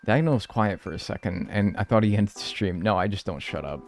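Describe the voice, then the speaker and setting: A man's voice: lowish voice, quick pace, creaky, slight background noise. A young man chatting casually and rambling on a live gameplay stream, swearing freely as he talks. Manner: animated, chatty, swears a lot.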